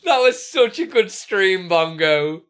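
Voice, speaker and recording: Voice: medium pitch, big pitch swings, takes it slowly, a bit bright. A live streamer, chatting casually and thinking aloud while talking to viewers. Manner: rambling, thinking aloud to chat. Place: home streaming setup.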